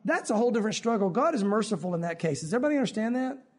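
Male pastor, high voice, slightly husky, animated conversational sermon delivery. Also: rapid-fire. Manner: animated, conversational preaching with acted quotes.

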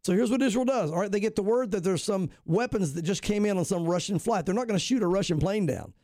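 A man's voice: sits high, quick pace, warm tone, dry recording, clean studio sound. A man, a pastor, talking animatedly and emphatically on a radio show, rambling with restarts. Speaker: pastor, guest commentator. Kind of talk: casual radio talk on prophecy.

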